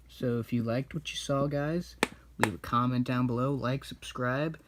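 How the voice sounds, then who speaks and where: A man's voice: mid-range voice, fairly even intonation, moderate pace, noisy background. A man casually retelling a movie for laughs while drawing, in a rambling, offhand way. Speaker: YouTuber.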